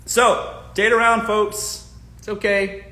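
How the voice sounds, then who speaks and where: Guy with a bright, slightly high voice talking dating straight to his viewers, echoey room. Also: little pitch movement, takes it slowly. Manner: blunt, joking, talks straight to listeners. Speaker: dating advice host. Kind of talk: casual live-stream advice talk.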